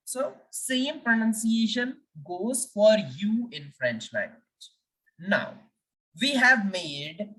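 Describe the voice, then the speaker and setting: A woman's voice: mid-range voice, very animated, slow pace, far from the mic, rough recording. A woman teaching French, patiently drilling each letter of the alphabet one by one and asking learners to repeat after her.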